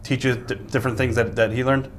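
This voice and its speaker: A man interviewing a guest, asking questions with filler pauses. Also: mid-range voice, level tone.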